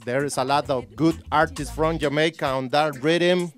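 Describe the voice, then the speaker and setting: A man hosting a radio interview in English, halting and often repeating words. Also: fairly high pitch, fairly even intonation. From Costa Rica. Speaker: radio host.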